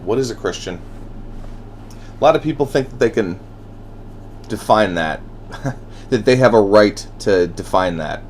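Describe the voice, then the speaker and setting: A man holds forth in a solo monologue, blunt and full of curses, with wry laughs between his thoughts. His pitch swings widely as he moves from heated outbursts to low, brooding asides. A faint ambient hum sits under his voice. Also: expressive, measured pace, pauses often. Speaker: podcast host.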